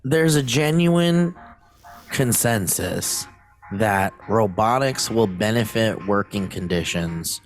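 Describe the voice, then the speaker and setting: A man's voice: fairly low pitch, animated, soft background music. A man co-hosting a casual podcast, reading news aloud and commenting, with frequent fillers and restarts. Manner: halting, many fillers and restarts. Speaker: podcast co-host.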